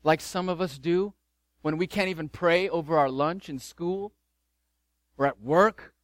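A man's voice: fairly high pitch, measured pace, no echo. A middle-aged man preaching a sermon as pastor, fervent and emphatic, repeating key phrases.

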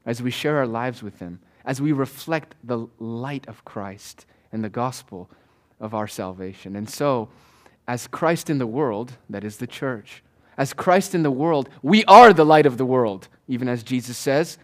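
A man preaching a sermon to his church in an emphatic, rhythmic way, repeating key phrases and slowing down to stress words. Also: animated. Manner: swings between soft low asides and loud raised declarations. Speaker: pastor.

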